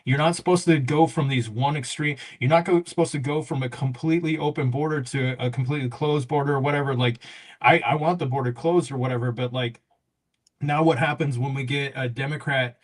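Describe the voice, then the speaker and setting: A man's voice: medium pitch, fairly even intonation, a little fast. A man talking as a guest in a casual political chat, rambling and repeating "or whatever".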